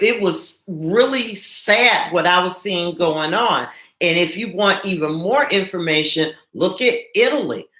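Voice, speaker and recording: A nurse hosting a live stream from home, speaking earnestly and stumbling over repeated words when upset. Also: female voice, medium pitch, a bit bright, reverberant. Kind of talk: emotional live-stream talk to viewers.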